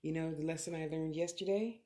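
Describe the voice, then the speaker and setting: A woman's voice: deep voice, brisk, warm tone. A middle-aged woman, a clairvoyant medium on a live stream, talking candidly and swearing freely in short reflective bursts while answering viewers. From California. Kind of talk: live-streamed motivational talk and readings.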